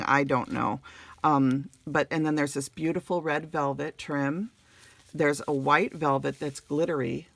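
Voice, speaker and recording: Casting: middle-aged woman, low gravelly voice, gushing casual unboxing host. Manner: gushing, warm thank-yous, many fillers. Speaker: crafting channel host.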